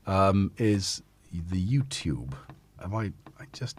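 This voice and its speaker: A chatty host with a northern English accent who wanders from one thought to the next and pokes fun at himself. His voice is low and a little husky, and his pitch swings widely. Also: very animated, slow pace. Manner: rambling, chatty and self-deprecating. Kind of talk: casual live-stream chat.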